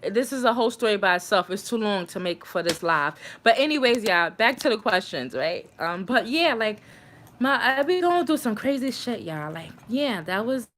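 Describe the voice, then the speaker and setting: Animated young woman telling stories on a live. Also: fairly high pitch, moderate pace, a little hiss or hum. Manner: animated, acts out quoted voices. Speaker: livestream host. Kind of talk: casual livestream storytelling.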